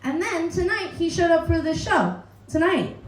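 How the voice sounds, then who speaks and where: Lively, high-voiced woman hosting a comedy night. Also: normal speed, roomy sound, rough recording. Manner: laughing, animated storytelling with swearing. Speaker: comedy show host. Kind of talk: stand-up host introduction. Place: pub comedy stage.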